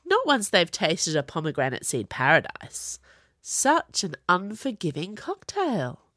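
A woman's voice: huge pitch swings, unhurried, no echo, studio quality, full character voice. Woman doing a sly, purring young man. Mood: teasing. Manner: soft, teasing, low.

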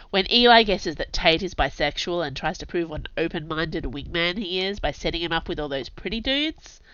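Blunt unbothered young woman friend, flat dry teasing, bright voice with a lively lilt, kinda dull dry audio, woman reading it. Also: lowish voice, no room sound. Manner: calm, deadpan teasing.

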